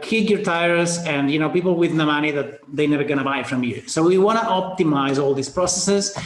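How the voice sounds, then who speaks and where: A man presenting a business coaching webinar, talking fast and casually with fillers and the odd swear word. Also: fairly high pitch, roomy sound. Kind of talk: energetic sales webinar talk.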